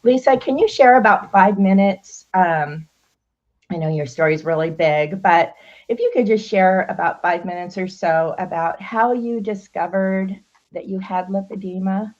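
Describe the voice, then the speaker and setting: A woman's voice: medium pitch, unhurried, a little mellow. A woman hosting an interview, encouraging her guest with frequent affirming murmurs. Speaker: host. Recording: slightly muffled lo-fi audio.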